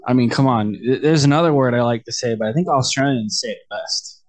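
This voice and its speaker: A married man, a guest on a podcast, chatting in a relaxed way and laughing easily. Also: mid-range voice, fairly quick. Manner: laid-back, easily amused. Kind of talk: casual chat.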